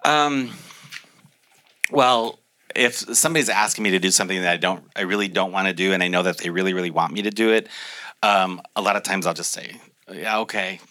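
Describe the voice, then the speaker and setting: A man's voice: deep voice, fairly even intonation, a little fast, pushed and bright. A man as an interview guest, telling casual stories, laughing often and acting out the people he quotes. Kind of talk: casual storytelling.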